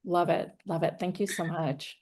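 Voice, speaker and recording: Woman, gravelly, lower voice, chatty, self-amused, casual online talk. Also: steady tone, normal speed, darkish tone. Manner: chatty and self-amused, laughing between thoughts. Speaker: guest speaker, hypnotherapist and author. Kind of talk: casual online presentation and chat.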